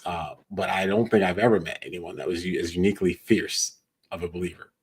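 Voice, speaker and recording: A man hosting a casual conversation with his mother, talking haltingly with many fillers. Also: deep voice, fairly even intonation, breathy edge. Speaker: host, coach. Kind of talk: casual interview chat.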